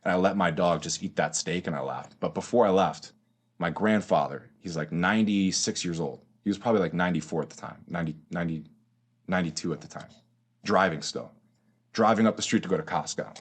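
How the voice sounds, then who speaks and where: A young man in his twenties with a low voice tells his story as a podcast guest. He talks in loose slang, swears freely and keeps saying bro. It is casual, run-on storytelling. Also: fairly quick, husky. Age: 20s. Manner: slangy and profane, says bro a lot.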